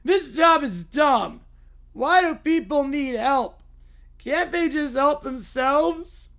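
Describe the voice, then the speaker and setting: A man doing a whiny, shouty little bear cub. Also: extremely high pitch, animated, creaky, voice pushed up, exaggerated voice. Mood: whiny complaining. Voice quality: whiny, complaining. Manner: drawn-out, loud, near-shouted protests. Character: whiny grumpy little bear cub who hates work.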